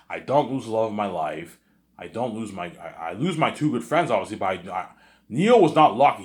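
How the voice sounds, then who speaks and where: A man talking alone in a rambling, boastful monologue, repeating himself and restarting sentences as he goes. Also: low-pitched. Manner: repetitive, restarts, keeps saying "obviously" and "you know what I'm saying". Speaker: vlogger.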